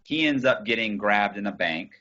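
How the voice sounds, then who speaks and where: A man guest in an interview, telling his story in a blunt, profane, animated way over a video call. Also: fairly low pitch, normal speed, lo-fi sound. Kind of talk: casual storytelling.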